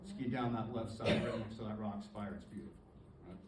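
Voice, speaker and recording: A man's voice: on the low side, noisy background. Choked-up man giving a tribute speech. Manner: halting, choked up, clears throat often. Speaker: award presenter. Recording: roomy distant recording with faint ambience.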